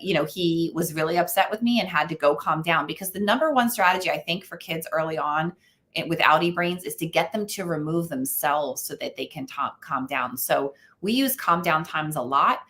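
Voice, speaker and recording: A woman from the United States speaks as a parenting expert guest in a relaxed interview. Her voice sits a little low, and she tells stories in an animated way, peppered with fillers. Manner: animated storytelling with frequent fillers. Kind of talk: conversational interview.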